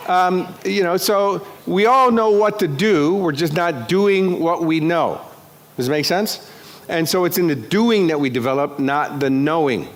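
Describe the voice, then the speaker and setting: Man, motivational speaker, live keynote, lively and jokey, slightly high voice. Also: a little slow. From United States. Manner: energetic, jokey, crude asides, acts out characters. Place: conference stage before a live audience.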